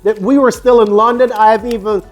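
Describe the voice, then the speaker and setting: A man from the United States, around his fifties, rambles through a personal anecdote full of fillers and restarts. His voice sits high for a man, and soft music plays faintly underneath. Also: steady tone, fast talker. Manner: rambling, many fillers and restarts, acts out quotes. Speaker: vlogger telling his life story. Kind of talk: casual storytelling monologue.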